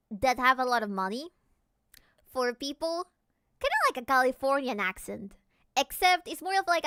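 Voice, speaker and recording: Woman from Peru, streamer, casual chat, animated, giggly, smooth clear voice, dry close sound. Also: high-pitched, no echo. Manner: animated, giggly, explains and translates.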